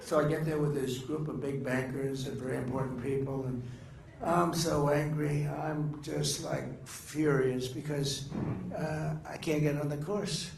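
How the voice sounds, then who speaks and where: A man's voice: fairly high pitch, steady tone, unhurried, gravelly, darkish tone. Older man rambling boastfully in an echoey room. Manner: meandering, boastful, trails off mid-sentence with many uhs. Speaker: speaker addressing a political gathering. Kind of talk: rambling off-the-cuff speech. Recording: echoey room with faint background noise.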